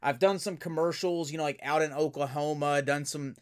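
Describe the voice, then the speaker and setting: A man hosting a podcast, an enthusiastic and animated storyteller chatting casually. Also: fairly high pitch, fairly quick, clean tone. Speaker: podcast host and voice actor. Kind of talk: casual interview chat.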